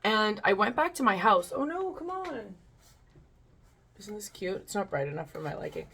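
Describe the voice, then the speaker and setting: A woman's voice: medium pitch, expressive, fairly quick, bright, forceful tone, breathy edge. Woman host, casual and rambling, swears freely, reads stories off the screen. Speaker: channel host reading online stories. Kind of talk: casual chat and reading aloud.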